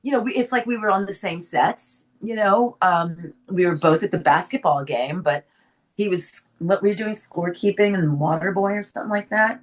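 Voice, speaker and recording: An older actress from the Bronx with a faint New York accent, telling stories in a casual interview and laughing often. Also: female voice, medium pitch, moderate pace. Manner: animated storyteller, laughs often. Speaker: actress guest.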